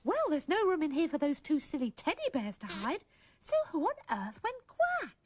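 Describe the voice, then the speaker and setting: A woman's voice: high-pitched, huge pitch swings, normal speed. A woman presenting a children's show, cheerfully coaxing puppets and telling corny jokes. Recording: loud tape hiss from old VHS.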